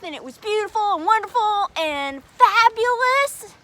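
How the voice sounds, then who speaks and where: A woman telling a Bible story to children at chapel in an animated, sing-song, exaggerated way. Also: very high-pitched, a little slow.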